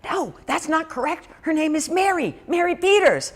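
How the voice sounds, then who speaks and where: A woman's voice: fairly high pitch, expressive, unhurried, a bit bright. A woman sketching a puzzled young guy who wandered into the wrong funeral, talking casually and a bit bewildered. it's told lightly, in the middle of a sermon story. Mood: puzzled whisper.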